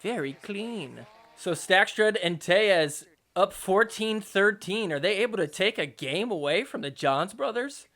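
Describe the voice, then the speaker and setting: A young man hosting a podcast, recapping match footage in a joking, excitable way with mock outrage. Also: high-pitched, measured pace. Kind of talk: casual sports recap commentary.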